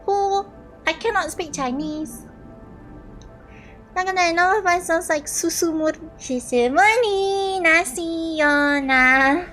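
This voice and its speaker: A woman's voice: very high voice, fairly even intonation, slow pace, long pauses, bright, forceful tone, soft background music, low-quality recording. A young woman streaming a game, reading its dialogue aloud expressively with playful, giggly asides.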